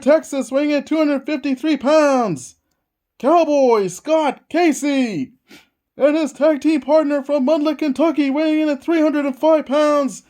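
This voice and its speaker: In a very high voice, a man gives wrestling play-by-play for a tabletop game he's hosting. He plays the ring announcer, excitedly narrating each move as it unfolds.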